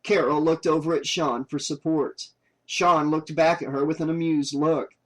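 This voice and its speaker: A man's voice: a little high, steady tone, normal speed, fairly bright tone, low-quality recording. Man reading an audiobook aloud. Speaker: audiobook narrator. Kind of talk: scripted narration.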